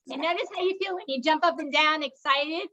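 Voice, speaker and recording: High-voiced upbeat woman coaching laughter yoga. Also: pushed and bright, highs cut off. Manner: upbeat, coaxing, bursts into laughing and cheering. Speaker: laughter yoga instructor and doctor. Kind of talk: leading a group wellness session.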